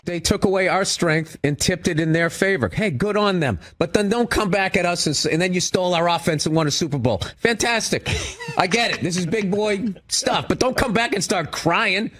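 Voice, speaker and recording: Man, talk show guest, sarcastic, blunt, high-pitched. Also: moderate pace, a bit bright. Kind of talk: casual chat.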